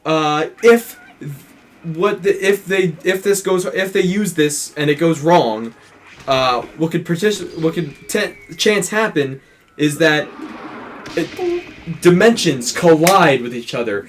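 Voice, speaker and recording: A man's voice: fairly high pitch, very animated, slow pace, slight background noise. A man co-hosting a let's play, casually retelling a film plot in a rambling way, with many restarts and acted-out quotes.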